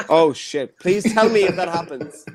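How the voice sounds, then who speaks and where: Hosting a live online comedy show from his childhood bedroom via video call, this Irishman in his twenties has an expressive voice that sits high, moving at a measured pace. He jokes and chats in stand-up fashion while a loud crowd is heard.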